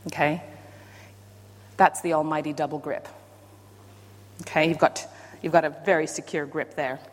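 A woman preaching a sermon, playful and self-deprecating, with animated emphasis. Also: deep voice, normal speed. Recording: long hall reverb.

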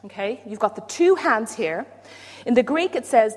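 A woman preaching a sermon, playful and self-deprecating, with animated emphasis. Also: on the high side, moderate pace. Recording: long hall reverb.

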